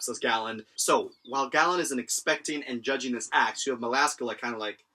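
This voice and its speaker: A man's voice: medium pitch, expressive, fast talker, few pauses, pushed and bright. A young man casually recapping and reviewing an anime episode, rambling with lots of fillers and chuckles.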